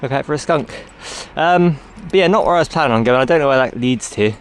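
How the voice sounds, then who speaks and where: A man's voice: medium pitch, quick pace. A man rambling casually as he walks his dog along a road, talking to the camera and coaxing the dog. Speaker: vlogger. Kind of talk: casual walking vlog. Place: outdoors on a roadside walk. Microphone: handheld camera. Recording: noisy outdoor recording. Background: outdoor noise, dog.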